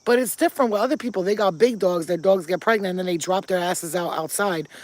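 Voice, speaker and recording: A woman's voice: fairly low pitch, fast, darkish tone, dry recording, rough recording. A woman who is a spiritual healer, chatting casually and emphatically to her viewers while outdoors in a yard, swearing freely. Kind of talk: casual chat to camera.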